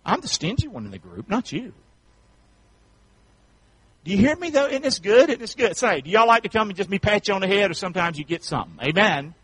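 A pastor, preaching a sermon in call-and-response, building up to rapid repeated shouted questions. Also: male voice, sits high, very animated, husky, dry recording.

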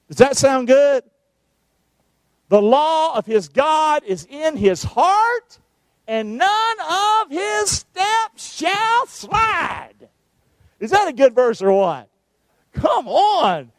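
A male preacher, giving a sermon, calling on the congregation to answer and shouting verses out. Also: high-pitched, dry recording. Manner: calls for responses, shouts the verses out.

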